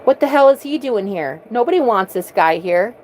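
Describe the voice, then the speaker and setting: A woman's voice: on the high side, expressive, moderate pace, darkish tone, slight background noise, natural voice. A woman voicing hostile male moderators who swear and sneer. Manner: scornful, swearing.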